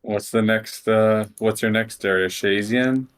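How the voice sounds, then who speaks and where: A man chatting casually with a friend while they play a game together, asking quick questions. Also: on the low side, steady tone. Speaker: co-player. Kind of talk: casual gameplay chat.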